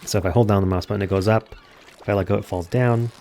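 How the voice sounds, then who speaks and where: Low-voiced man explaining a game. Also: quick pace, a little hiss or hum. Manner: relaxed, explains mechanics step by step. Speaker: gameplay commentator. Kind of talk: casual let's-play commentary.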